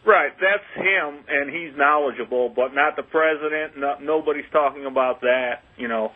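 An earnest male caller speaks haltingly over a tinny phone line. His voice sits fairly high. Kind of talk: call-in on talk radio.

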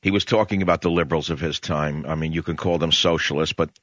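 A man's voice: a bass voice, steady tone, quick pace, fairly bright tone, dry recording. An older man with a New York accent, hosting a talk radio show in a rambling, emphatic monologue full of hesitations. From Queens, New York. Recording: dull lo-fi broadcast audio.

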